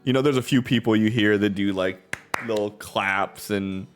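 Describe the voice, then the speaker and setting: A man's voice: on the low side, normal speed, soft background music. A man narrating a tabletop game as game master, telling the scene in a laid-back way with plenty of ums and uhs. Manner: laid-back, filler-heavy storytelling.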